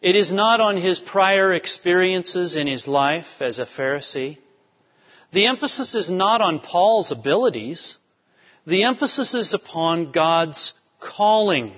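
Unhurried, with a high-sitting voice and lively intonation, a man delivers an emphatic sermon, hammering key phrases through repetition. The sound is dull lo-fi, washed in long hall reverb.

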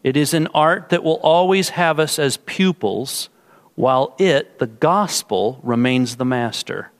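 A male pastor giving a sermon and closing in prayer, with slow, measured phrasing and drawn-out emphasis. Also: a little high, animated.

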